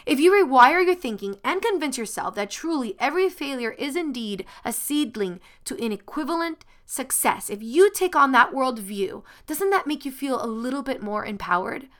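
Woman podcast host, fairly high voice, earnest and encouraging, reads with big dramatic emphasis. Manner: reads a passage with dramatic emphasis, then chats quickly and warmly to listeners. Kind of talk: motivational podcast talk.

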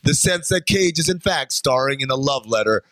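A man's voice: medium pitch, animated, moderate pace, sharp tone, dry recording. A man hosting a casual podcast chat, reading out film reviews with a playful, joking manner. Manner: reads quoted reviews aloud, playful catchphrase. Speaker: podcast host.

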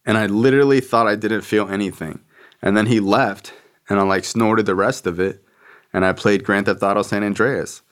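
Low-ish guy on a podcast, slangy and swearing, says "like" constantly. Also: steady tone, normal speed. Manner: slangy, profane, fills with "like", acts out friends' voices. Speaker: podcast host. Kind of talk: casual personal storytelling.

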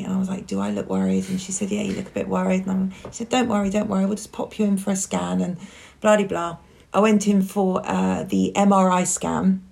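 A woman's voice: medium pitch, creaky, darkish tone. A woman, a podcast guest, telling her own story in a candid, reflective way. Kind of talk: personal conversation.

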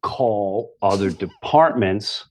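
A man in his fifties from Long Island, a comedian telling a story in casual chat, animated, acting out other people's voices, swearing and laughing often. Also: fairly low pitch, slow, slight background noise. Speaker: comedian guest.

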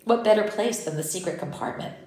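A woman narrating a first-person audiobook in a measured, intimate way. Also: mid-range voice, a little mellow. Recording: roomy echo.

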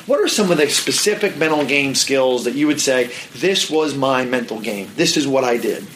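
Bright, punchy male podcast host. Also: medium pitch, moderate pace, a little hiss or hum, rough recording. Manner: energetic, emphatic, plain-spoken. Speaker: podcast host, mental game coach. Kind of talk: motivational coaching talk.

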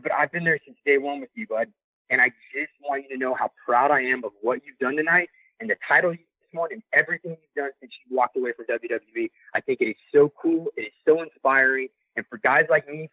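A young adult man calling in to a podcast and telling a story in a casual, excited way with loose slang. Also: mid-range voice, dry recording. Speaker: podcast caller sharing a story. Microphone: phone call. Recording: tinny phone line, dry.

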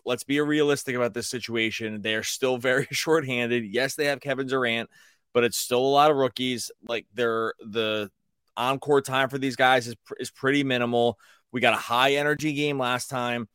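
A man co-hosting a casual sports podcast, excitable, often repeating words and laughing. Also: mid-range voice, clear, resonant tone, dry recording, studio quality. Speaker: podcast co-host.

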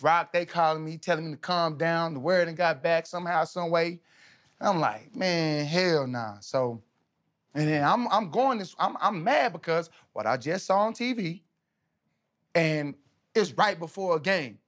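A man in his thirties, a podcast guest, telling stories in a casual, animated, slangy way, often laughing. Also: on the high side, unhurried. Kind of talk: casual storytelling.

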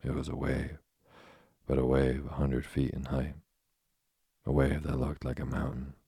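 Slow husky guy reading a storybook, raspy gravelly voice. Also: a bass voice, monotone, warm tone, dry recording, studio quality. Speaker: audiobook narrator. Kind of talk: storybook narration.

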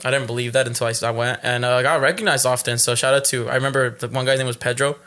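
Bright-voiced laughing podcast guy. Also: medium pitch, fairly even intonation, racing. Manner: laughs often, trails off into mumbles. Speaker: podcast co-host. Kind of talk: casual chat.

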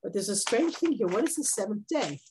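A woman teaching a Bible class, lively and conversational, jumping up high when she acts out quotes. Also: fairly quick, background noise. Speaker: Torah teacher.

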